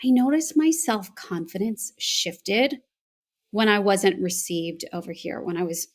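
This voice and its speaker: American lady voice coach chatting in an interview, lively and reflective, middle pitch. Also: a little slow. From United States. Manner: animated, reflective storytelling. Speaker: voice and accent coach, guest. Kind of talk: conversational interview answer.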